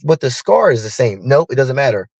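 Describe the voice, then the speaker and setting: A man's voice: mid-range voice, brisk, creaky, dry recording. A man ranting in a profane, heated monologue, acting out both sides of an argument with a partner. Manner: profane, heated, animated storytelling. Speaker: live streamer.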